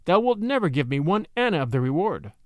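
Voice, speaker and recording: A man's voice: fairly high pitch, sing-song, fairly quick, no echo, studio quality. A man voicing a proud, defiant boy raised by wolves, speaking boldly and scornfully. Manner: bold, scornful.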